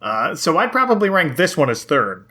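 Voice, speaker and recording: Bright-voiced man hosting a podcast. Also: on the high side, big pitch swings, normal speed, husky. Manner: jokey, laughs often. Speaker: podcast host. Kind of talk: casual podcast chat.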